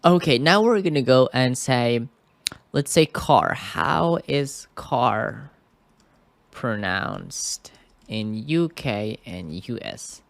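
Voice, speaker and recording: A man walks through an English lesson at an unhurried, drawn-out pace, pausing often and checking in with "okay?". His voice sits at an ordinary middle pitch. The sound is dry and close, recorded indoors at a computer. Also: lively intonation, gravelly, no echo. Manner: hesitant, keeps checking in with "okay?". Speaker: English teacher. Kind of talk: screen-recorded tutorial.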